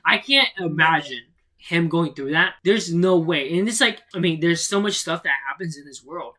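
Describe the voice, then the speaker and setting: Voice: medium pitch, moderate pace, bright, forceful tone. A young adult podcast co-host retelling a film in casual chat, rambling with many fillers.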